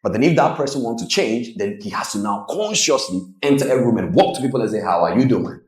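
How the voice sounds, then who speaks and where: A man coaching traders in a motivational presentation, telling stories with lively delivery and acting out the people in them. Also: mid-range voice, fast talker, echoey room, rough recording. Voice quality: animated storytelling, acts out quoted voices. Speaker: trading coach.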